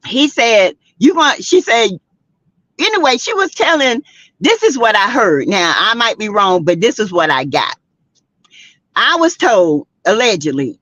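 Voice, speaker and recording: An older woman with a Southern US accent hosts a casual gossip livestream, sassy and animated, laughing often and greeting viewers by name. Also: a little high, no echo. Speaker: host of a celebrity gossip livestream. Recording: dry, dull lo-fi webcam audio.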